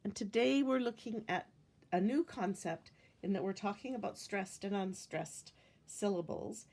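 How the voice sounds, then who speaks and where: A woman teacher calmly and patiently explaining a phonics lesson on syllables. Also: medium pitch, measured pace. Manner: calm, patient, instructive.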